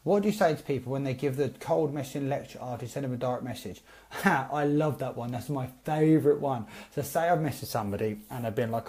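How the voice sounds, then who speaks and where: A man talks through recruiting tips in a loose, conversational live-stream style. He is animated and acts out both sides of his message exchanges. His voice sits at an ordinary pitch with a mellow, unforced warmth. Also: quick pace. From Britain. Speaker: network marketing coach. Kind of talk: casual live-stream advice.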